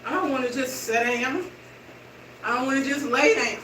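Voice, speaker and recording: A middle-aged woman vlogging in casual chat to her viewers while slowly walking and exercising indoors. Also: high-pitched, fairly bright tone. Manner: chatty, slow walking while talking. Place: indoor room with hardwood floor. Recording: roomy, distant and noisy room sound.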